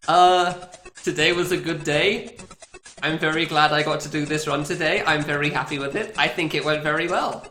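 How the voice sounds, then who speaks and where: A man speedrunner, close to tears, commenting live on his own run in an elated, laughing, halting way that often leaves him lost for words. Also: fairly high pitch, pushed and bright, soft background music. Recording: roomy echo.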